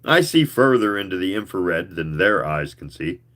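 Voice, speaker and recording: A man's voice: low-pitched, very animated, normal speed, a bit bright. A man reading the part of an earnest, formal alien man who is part machine, in a storybook reading.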